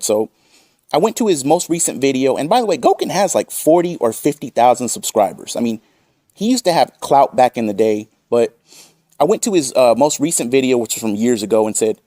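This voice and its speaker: A man's voice: medium pitch, a little mellow, dry recording, studio quality. A man hosting a commentary channel, combative and profane as he reads out and mocks chat messages. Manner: combative, swearing, reads chat quotes aloud.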